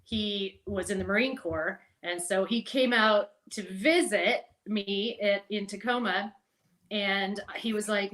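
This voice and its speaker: A middle-aged woman, a podcast guest, telling stories in a casual, animated way, laughing and swearing now and then. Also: medium pitch, takes it slowly. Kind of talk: casual storytelling.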